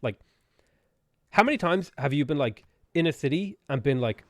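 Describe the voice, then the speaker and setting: A man's voice: on the high side, expressive, normal speed, no echo, clean studio sound. A man live-streaming a strategy game, chatting playfully and answering viewers' questions as he plays.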